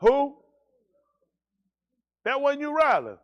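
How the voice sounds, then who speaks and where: A man's voice: very high-pitched, very animated, takes it slowly, muffled recording. A man leading a congregation, bantering casually and teasing people in a joking, folksy way.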